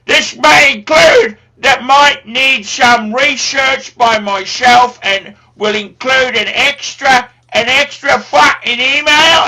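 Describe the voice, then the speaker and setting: Man doing a shouting Cockney watch dealer. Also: very high-pitched, gravelly, full character voice, poor audio. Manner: shouting, swearing, ranting. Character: loud foul-mouthed male Cockney watch dealer.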